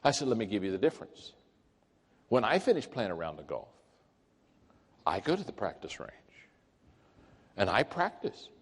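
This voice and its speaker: A man giving a humorous motivational talk, telling jokes and acting out quotes in a higher voice. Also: big pitch swings, normal speed, pauses often, slightly rough. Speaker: speaker. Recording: long hall reverb.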